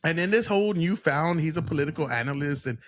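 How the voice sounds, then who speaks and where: A man's voice: a little high, expressive, fast talker. Rambling, cussing podcast host guy. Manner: rambling, swears freely, lots of fillers. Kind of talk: casual podcast chat.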